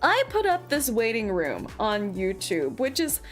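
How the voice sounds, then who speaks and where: A woman's voice: fairly high pitch, wildly swooping pitch, measured pace, faint music behind. A woman VTuber chatting playfully with her stream audience, full of mock outrage and laughter. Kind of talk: casual livestream chat.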